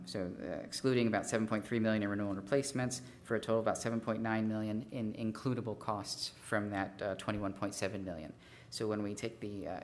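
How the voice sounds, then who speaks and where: Male consultant, lower voice, walks a council through numbers at a measured pace, filler-heavy delivery, light background noise. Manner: methodical, figure-heavy, frequent fillers and restarts. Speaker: consultant presenting a fee study. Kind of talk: formal presentation at a city council meeting.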